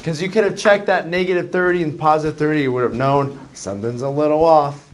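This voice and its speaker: A man's voice: on the high side, fast talker. A man teaching a math class, chatty and self-deprecating, joking with his students. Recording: noisy classroom recording.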